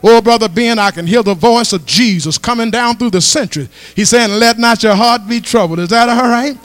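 A man preaching a sermon as pastor, rising into shouted and half-sung call-and-response lines, recorded in a church with a mains hum. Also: very high voice, a little fast, no echo. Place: church sanctuary.

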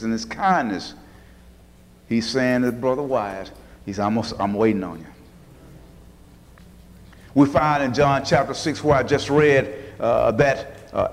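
A man preaches a sermon and retells Bible stories in a homey, folksy way. His voice sits at a medium pitch, and he slips into different voices for the people he describes. The sound rings with a long reverb, as in a large church hall. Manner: folksy storytelling, acting out Bible figures in varied voices.

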